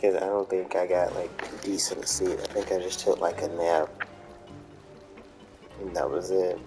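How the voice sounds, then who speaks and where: A man's voice: sits low, level tone, measured pace, music in the background, low-quality recording. A tired man giving casual, mumbling commentary while playing a game, with wry asides. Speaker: game streamer.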